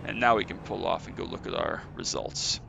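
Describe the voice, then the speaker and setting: Amid very loud noise, a man with a low, gravelly, sing-song voice chats briskly through his own sim race. Slightly winded, this streamer leans on fillers and keeps correcting himself.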